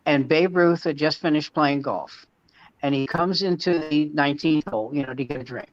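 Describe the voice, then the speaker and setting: A man's voice: a little high, moderate pace, dry recording. A man comedian telling rambling anecdotes in casual chat. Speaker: comedian and podcast co-host. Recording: dull lo-fi dry sound.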